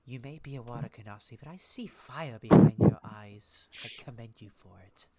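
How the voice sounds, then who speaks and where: A man voicing a gentle elderly woman who leads a council, speaking softly and slowly. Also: medium pitch, close to an everyday voice. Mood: kindly. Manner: soft, slow and kindly.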